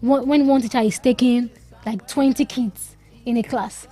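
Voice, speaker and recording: Radio guest from Nigeria, woman speech therapist, higher voice, emphatic, repeats her points, faint music behind. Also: steady tone, normal speed, dark tone. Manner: emphatic, repeats key advice. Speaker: speech and language pathologist guest. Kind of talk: radio interview, explaining.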